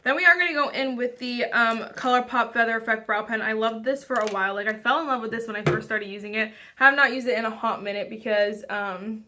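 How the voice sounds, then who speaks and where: A young woman vlogger talks through her makeup in a loose, rambling way, full of fillers and half-finished thoughts. Her voice is bright and sits a little high. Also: fairly quick, hardly any pauses, a little hiss or hum. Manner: rambling, chatty, many fillers and restarts. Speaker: beauty vlogger. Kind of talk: casual makeup tutorial chat.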